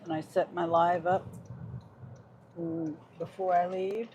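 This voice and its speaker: A delivery driver with a fairly low, darkish voice and fairly even intonation speaks slowly as she livestreams from behind the wheel, casually chatting and reading viewer comments aloud. The audio comes from a phone on the dash and is noisy.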